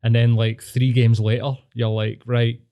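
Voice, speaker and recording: Scottish man, podcast host, casual sweary storytelling, mellow tone. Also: medium pitch, little pitch movement, moderate pace. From Scotland. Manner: swears freely, rambling storytelling. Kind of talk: casual chat.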